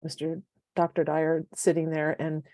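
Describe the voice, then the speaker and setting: Lively woman in her fifties, dry close sound. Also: sits low, normal speed, no room sound. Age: 50s. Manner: animated storyteller who acts out quoted dialogue. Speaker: podcast co-host. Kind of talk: casual podcast chat.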